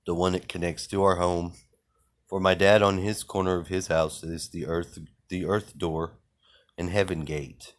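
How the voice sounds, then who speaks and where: A man's voice: sits low, level tone, measured pace. A man delivering a rambling, profane, defiant rant about strange experiences and his contempt for the mainstream. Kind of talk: ranting monologue.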